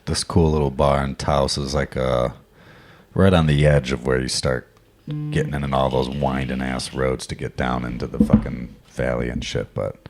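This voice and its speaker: A man's voice: a bass voice, flat delivery, moderate pace, a little hiss or hum. A man in casual podcast chat, talking loosely and meandering with plenty of swearing.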